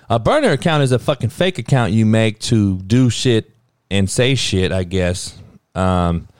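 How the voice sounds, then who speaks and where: A middle-aged man from Compton speaks in a lowish voice, heated and blunt, swearing freely as he rants on his own show. The sound is dry and close, with no room around it. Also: a little mellow, smooth, no room sound. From Compton, California. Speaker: football coach and podcast host. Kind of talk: profane ranting monologue.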